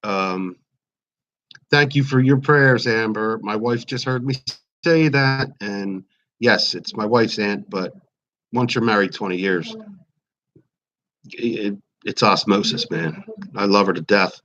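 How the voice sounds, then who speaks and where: On his home YouTube livestream, a man chats and rambles casually, calling out viewers by name. He speaks slowly with frequent pauses in a low, bright, forceful voice, and the stream audio is slightly dull and lo-fi.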